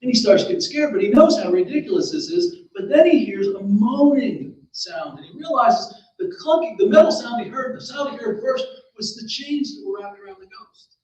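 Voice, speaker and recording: A man's voice: extremely high pitch, big pitch swings, moderate pace, a little mellow, lo-fi sound. Folksy male storyteller in an echoing hall. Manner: folksy, asides to the audience. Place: library event space. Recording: very echoey room, distant mic.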